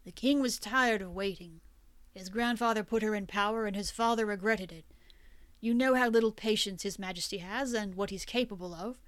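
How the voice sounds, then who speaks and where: A woman voicing a calm male assassin who explains a killing in a matter-of-fact way. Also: medium pitch, normal speed, no echo, lightly acted. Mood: coldly calm.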